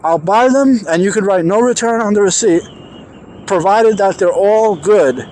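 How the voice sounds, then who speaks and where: A man telling a personal story in an animated, emphatic way, acting out the dialogue. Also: high voice, moderate pace, slight background noise. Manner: excited, emphatic, acts out quoted dialogue.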